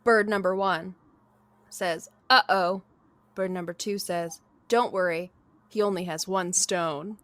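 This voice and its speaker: A woman's voice: lowish voice, fairly even intonation, takes it slowly, fairly bright tone, no echo. A woman co-hosting a casual podcast chat, laughing easily as she reads out short spooky stories. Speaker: podcast co-host.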